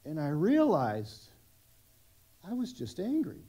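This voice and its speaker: A man's voice: on the high side, huge pitch swings, slow, dark tone. A middle-aged man preaching a sermon at a church service, conversational and self-deprecating, with many restarts. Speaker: pastor.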